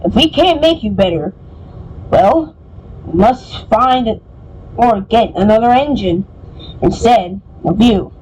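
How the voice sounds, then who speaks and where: A woman's voice: fairly high pitch, lively intonation, slow, pauses often, darkish tone, a little hiss or hum, rough recording. A woman voicing a stern, stout male railway boss in a storybook, with thoughtful hums.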